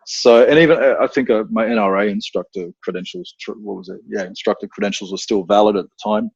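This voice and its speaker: A man's voice: fairly low pitch, steady tone, fast, gravelly, husky, no room sound, highs cut off. An Australian man telling stories on a podcast, rambling with fillers and swearing freely. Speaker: guest, self-defense instructor. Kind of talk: casual podcast storytelling.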